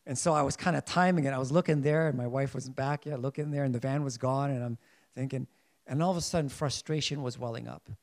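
A man preaching a sermon in an earnest way, often restarting his sentences as he searches for words, sometimes rising in emphasis and sometimes going quiet. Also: medium pitch, steady tone, fast talker.

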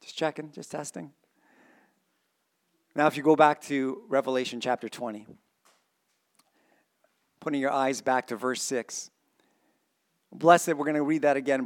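A man preaching a sermon, reading scripture aloud and quizzing his congregation, swinging from excited exclamations to quiet earnest emphasis. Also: mid-range voice, smooth. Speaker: pastor.

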